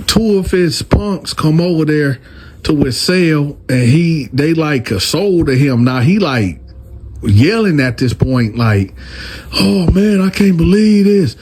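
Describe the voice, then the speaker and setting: A man telling a prison story in a casual, animated way, talking straight to his viewers. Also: medium pitch, husky. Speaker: storyteller, channel host.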